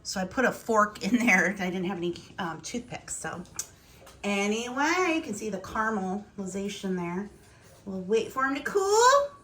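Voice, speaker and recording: Woman vlogger, lively up-and-down pitch, chatty and rambling, home kitchen. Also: moderate pace, slight background noise. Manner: rambling, chatty, thinking aloud. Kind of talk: casual home vlog chat.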